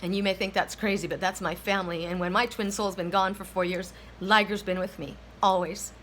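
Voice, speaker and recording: A woman from the United States with a bright, forceful voice tells a personal story during a tarot reading, near tears and often restarting her sentences. She repeats herself as she talks through it, and there is a faint hiss of noise behind her. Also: medium pitch, steady tone, fairly quick, poor audio. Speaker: tarot card reader.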